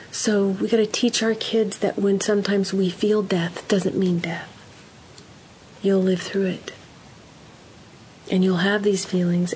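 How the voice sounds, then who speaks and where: A woman's voice: medium pitch, slight background noise, poor audio. A woman giving parenting advice in an earnest, emphatic way, acting out example conversations. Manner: warm, earnest, emphatic, acts out example dialogues. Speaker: parenting counselor guest.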